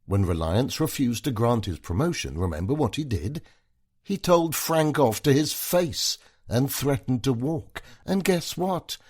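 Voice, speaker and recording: A sharp-tongued, tipsy corporate wife who mocks her husband, her words slurring. A man puts her on with a pitch that rises and falls a lot over a gravelly, husky grain. She taunts and lectures without letting up. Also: heavily acted. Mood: lecturing.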